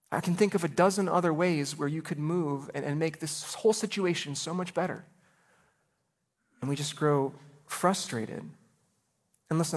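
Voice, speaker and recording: A man in his thirties preaching a sermon as a pastor, earnest and personal, often repeating words as he starts a phrase. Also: a little high. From Chicago area.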